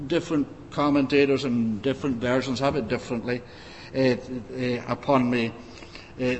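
A man preaching an expository sermon, measured and pausing often with "uh", reading scripture in old-fashioned wording. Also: mid-range voice, fairly even intonation. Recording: long reverb, faint background noise.

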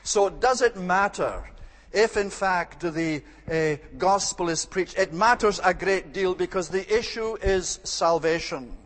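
Preacher, male, high-pitched, emphatic and measured sermon delivery, church hall with a long echo. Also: fairly bright tone.

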